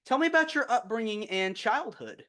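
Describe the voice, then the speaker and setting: A man's voice: extremely high pitch, animated, moderate pace, fairly bright tone. A man hosting an interview podcast, asking questions and affirming the guest's answers. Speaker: podcast host.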